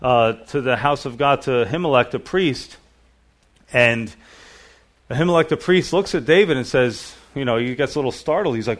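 A pastor giving a relaxed evening Bible sermon, retelling the story casually with lots of "you know.". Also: male voice, medium pitch, normal speed.

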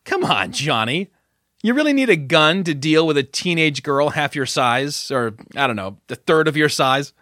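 A man's voice: on the high side, big pitch swings, normal speed, pushed and bright, no echo, studio quality. A man voicing a small, defiant teenage girl in an audiobook, speaking in a mocking, taunting way.

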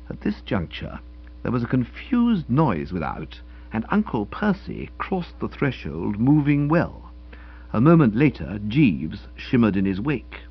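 A male narrator tells a comic tale in a wry, mock-dignified manner, his voice swooping up and down with great animation. The tone is slightly husky, and the recording sounds dull and lo-fi. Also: medium pitch, sing-song, a little slow. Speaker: audiobook narrator.

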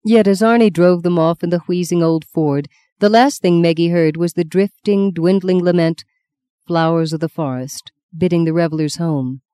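A woman reading a novel aloud as an audiobook narrator, in a lyrical, measured storytelling manner. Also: lowish voice, dark tone, clear, resonant tone, dry recording, clean studio sound. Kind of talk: scripted narration.

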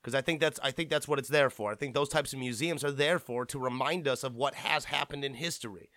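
Medium in pitch, fairly quick, with a bright and forceful tone and no room sound, this young podcast host delivers a casual rant. He rambles, mocks, and curses freely.

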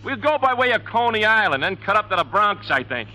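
A gruff, proud cab owner-driver, brusque and streetwise. His voice is high and very bright, edged with scorn, in old-time radio drama style. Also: very animated, a little fast, full character voice, poor audio. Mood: sly. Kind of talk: 1940s radio acting.

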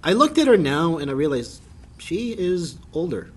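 A man with a husky voice chats loosely with friends on a podcast. He rambles, trips over his words and restarts his sentences often. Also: fairly high pitch, big pitch swings, normal speed. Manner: rambling, stumbling restarts and laughs. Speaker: podcast co-host. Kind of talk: casual chat among friends.

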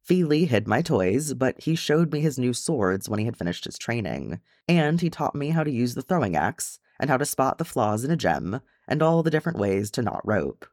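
A man voicing a brash, earnest young male dwarf in a storybook reading, speaking with raised, impassioned pitch. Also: big pitch swings, normal speed, hardly any pauses, darkish tone, no room sound, studio quality. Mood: fond.

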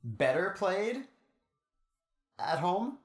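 A man's voice: high voice, very animated, drawn-out words. A young man co-hosting a podcast, chatting in a laid-back way with dry humor and plenty of fillers. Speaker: podcast co-host. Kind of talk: casual chat. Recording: roomy echo.

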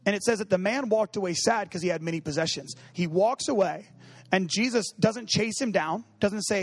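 A man with a notably high voice preaches in a loose, joking way, dropping into quick acted-out dialogues and fillers. The sound is dry and close, with almost no room echo. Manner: humorous, acts out quoted dialogue; conversational, many fillers like 'you know what I mean'. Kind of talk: casual sermon.

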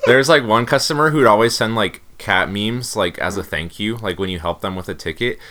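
A man's voice: on the low side, a little fast, pushed and bright. A man co-hosting a podcast, telling rambling stories in crude, casual banter and swearing a lot. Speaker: podcast co-host.

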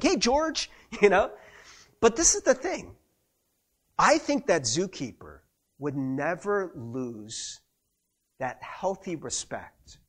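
Chatty husky-voiced pastor preaching. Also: male voice, fairly high pitch. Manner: chatty, many fillers and restarts, acts out quotes. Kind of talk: conversational sermon.

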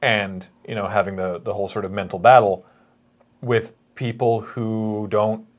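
A man's voice: fairly low pitch, unhurried. A man hosting a casual chat, telling stories animatedly and laughing often. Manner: animated storytelling with acted quotes and laughs. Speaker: podcast host.

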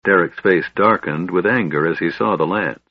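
Low, husky male narrator. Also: no echo, lo-fi sound. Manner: steady, measured storytelling. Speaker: audiobook narrator. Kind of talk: scripted fantasy narration.

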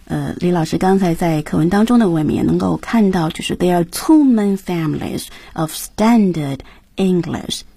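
Mellow husky woman co-host. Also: fairly low pitch, moderate pace, no room sound. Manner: lively, asks the guest questions. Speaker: radio lesson co-host. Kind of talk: hosting a radio English lesson.

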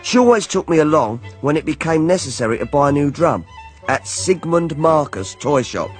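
A man's voice: a little high, very animated, normal speed, faint music behind. An actor narrating as a wry grown man recalling his childhood, in dry, ironic tones, for a radio drama.

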